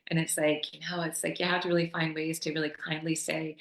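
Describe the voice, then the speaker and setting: A woman who teaches yoga, explaining ideas in a casual call, animated and laughing often as she acts out quoted voices. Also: deep voice, a little fast, roomy sound, poor audio.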